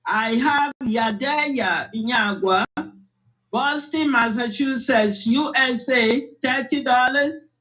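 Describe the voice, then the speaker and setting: A woman reading out a list of donors, measured and hesitant with fillers. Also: on the high side, a bit bright, rough recording. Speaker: donation announcer.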